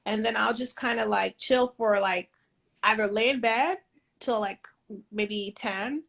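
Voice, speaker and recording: A woman guesting on a live video call, chatting casually in a relaxed, rambling way. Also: on the high side, a little slow, creaky. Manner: relaxed, rambling, lots of fillers like "like" and "um". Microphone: phone on a live video call.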